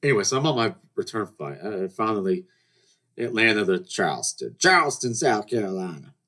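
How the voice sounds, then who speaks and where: A man's voice: fairly low pitch, sing-song, fairly quick, pushed and bright. A man in his twenties hosting a podcast, telling stories in a rambling, casual way with many restarts and acted-out dialogue. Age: 20s. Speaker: podcast host. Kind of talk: casual storytelling monologue.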